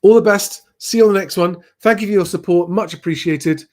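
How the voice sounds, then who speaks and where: A man hosting a live stream, answering viewer questions in a relaxed, conversational way with frequent "um" fillers. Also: sits high, brisk.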